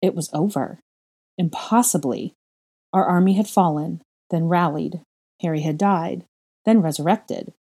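A woman reading a first-person fan fiction story aloud in a measured, expressive way. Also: on the low side, breathy edge. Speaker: audiobook reader.

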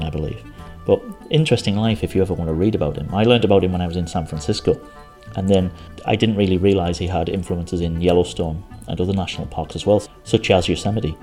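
A man hosting his own podcast, chatting in a relaxed, rambling, self-deprecating way. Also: low voice. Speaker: podcast host. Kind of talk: casual solo podcast.

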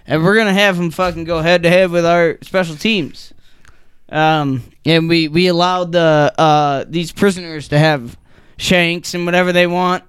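A man's voice: on the high side, fairly even intonation, moderate pace, a bit bright, clear, resonant tone, no echo, lightly acted. A man playing a drunk, rambling football coach. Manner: rambling, stumbling, heavy swearing. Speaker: football coach at a mock press conference. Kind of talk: improvised comedy sketch.

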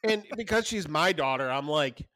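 A man in his thirties co-hosting a casual chat podcast, telling stories in a rambling, animated way with many restarts. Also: on the high side, moderate pace. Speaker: podcast co-host.

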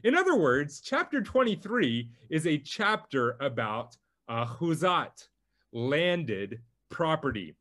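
Guy preaching a sermon, takes his time, pitch jumps around a lot, leans hard on key words. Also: big pitch swings, fairly bright tone. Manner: slow, emphatic teaching delivery. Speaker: pastor.

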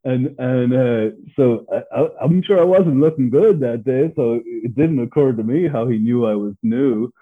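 An Irish man appears as a podcast guest, telling his story bluntly, candidly and with plenty of swearing, laughing along the way. His husky voice sits in the mid range and moves at a moderate pace with few pauses. The audio is narrow, like a phone line.

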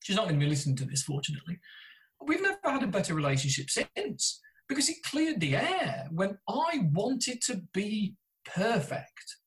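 Despite poor audio, this high-voiced British man in middle age comes through with huge swings in pitch at a moderate pace. A therapist and podcaster, he tells candid, self-mocking stories in an interview, chatting away and frequently starting over.

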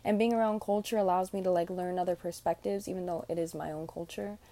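A woman's voice: fairly low pitch, fairly even intonation, fast talker, dark tone. A young woman of Puerto Rican background hosting a reflective solo podcast, speaking earnestly and from the heart with many fillers. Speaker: podcast host.

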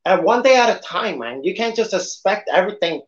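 A man's voice: sits high, animated, a little fast, roomy sound. A man putting on a tough, swaggering gangster impression, with a slight lisp, ending almost every phrase with "man". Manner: says "man" after nearly every phrase. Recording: dull lo-fi podcast audio.

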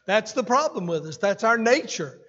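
Folksy pastor, high voice, reverberant hall. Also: male voice, big pitch swings, moderate pace, a bit bright. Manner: folksy and conversational, with fillers and asides to the congregation. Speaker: senior pastor. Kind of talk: sermon. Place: church sanctuary. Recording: dull sermon recording with long hall reverb.

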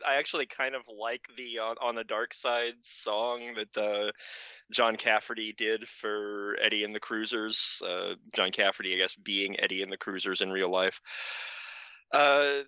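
A man's voice: fairly low pitch, sharp tone, clean tone, no echo, dull audio. A man on a casual podcast panel, rambling and hesitant as he talks. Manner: rambling, hesitant, full of filler words.

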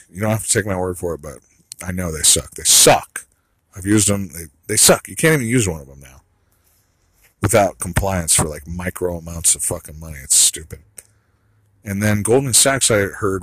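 A man's voice: low-pitched, a bit bright, husky, dry recording, rough recording. A man delivering a rambling solo monologue, blunt and profane, trailing off into asides.

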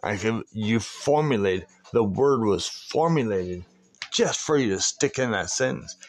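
A man's voice: fairly low pitch, animated, unhurried. A man hosting his own podcast, rambling through stories in a casual, heavily profane monologue. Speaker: podcast host.

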